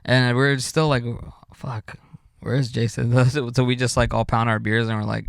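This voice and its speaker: A man's voice: medium pitch, fairly even intonation, brisk, creaky, clear, resonant tone, dry recording, studio quality. A young man co-hosting a podcast in casual chat, laid-back and laughing often as he chimes in. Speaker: podcast co-host.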